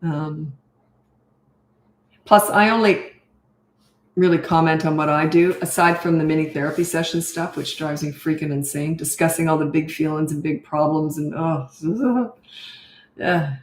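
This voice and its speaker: A woman's voice: low voice, a little slow, pauses often, roomy sound. An older woman coaching parents in a casual live Q&A, talking directly with plenty of fillers. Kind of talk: live Q&A, reading and answering comments.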